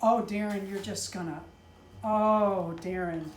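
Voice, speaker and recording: Gushing woman opening gifts slowly. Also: medium pitch, steady tone, a little hiss or hum. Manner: gushing, exclaiming often, gets flustered and choked up. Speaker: doll channel host opening gifts. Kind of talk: casual unboxing vlog.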